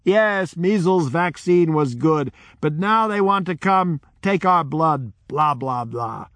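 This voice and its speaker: A man voicing a crowd of villagers who shout back dismissively, raised in pitch. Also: steady tone, slow, creaky, no room sound, exaggerated voice. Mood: scornful.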